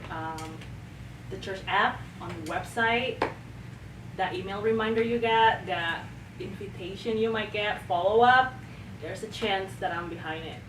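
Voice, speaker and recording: A woman guest on a church podcast, chatting about her work in a relaxed and friendly way. She is recorded from a distance in an echoey room. A steady noise runs behind her voice. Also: mid-range voice, a little slow. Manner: friendly, easygoing, with fillers. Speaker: church communications administrator, guest. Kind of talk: casual interview answers. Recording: roomy distant mic with noise.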